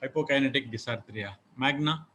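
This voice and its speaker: A man's voice: mid-range voice, a little fast, bright, forceful tone, slight background noise. A man moderating the session, cutting in briefly to relay questions. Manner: brief interjections, directs questions to speakers.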